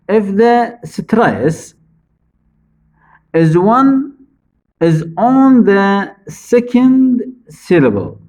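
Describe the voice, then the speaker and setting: A man teaching English spelling rules, speaking slowly and deliberately, repeating each rule for his students. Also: a little mellow, poor audio. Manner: stresses key words, drops low at phrase ends. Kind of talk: slow spelling-rule lesson.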